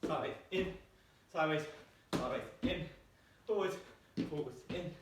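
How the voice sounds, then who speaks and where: A fairly high-pitched man, talking at a normal speed, counts his jumps aloud while leading a home workout, his breathing getting heavier. He's recorded from afar in a small, echoey room with lots of background noise.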